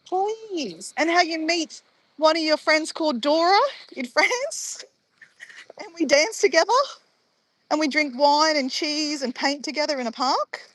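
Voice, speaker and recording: A woman's voice: high voice, lively intonation, a little slow, fairly bright tone. A woman, chatting casually and playfully with live viewers in a bubbly, laughing way.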